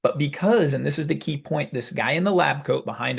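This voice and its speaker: Gravelly man telling a story casually. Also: on the high side, brisk, hardly any pauses. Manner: animated, conversational storytelling with laughs. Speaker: video host. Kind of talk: casual talk to camera.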